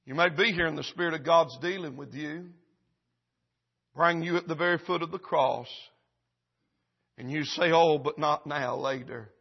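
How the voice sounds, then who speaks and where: A man preaching a revival sermon in a church service, swinging from loud urgent preaching to hushed, drawn-out lines. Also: a little high, creaky, husky, dull audio.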